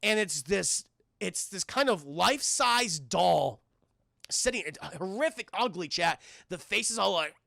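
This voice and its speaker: A man streaming a casual, profane scene-by-scene film recap, animated and talking to his live chat. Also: high-pitched, measured pace, gravelly, no echo, clean studio sound.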